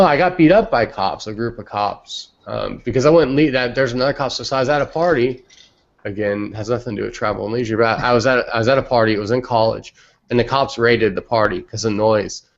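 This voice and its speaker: A man's voice: medium pitch, quick pace, creaky. A young man on a podcast telling casual stories bluntly and with plenty of profanity, talking over a remote call. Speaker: podcast co-host. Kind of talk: casual storytelling. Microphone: remote call microphone. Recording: muffled lo-fi online call audio.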